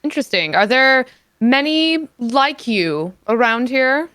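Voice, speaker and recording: A woman playing a tabletop game who tells her moves slowly and giggles between lines. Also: mid-range voice, expressive, fairly bright tone, smooth. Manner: slow, giggly storytelling. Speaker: player.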